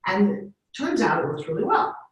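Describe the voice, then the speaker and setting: A middle-aged woman telling stories in an animated way, often acting out voices. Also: medium pitch, moderate pace. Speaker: speaker. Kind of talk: storytelling talk. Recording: echoey room, far from mic.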